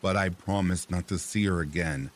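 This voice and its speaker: Meek old fisherman, mild apologetic tone, husky low voice, as a man plays him. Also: fairly even intonation, normal speed.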